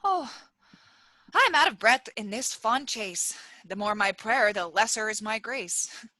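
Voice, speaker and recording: Wounded, self-pitying young woman, read by a woman, bright and dramatic. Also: fairly high pitch, expressive, measured pace, no echo, pitched below the performer's own voice, exaggerated voice. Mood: plaintive.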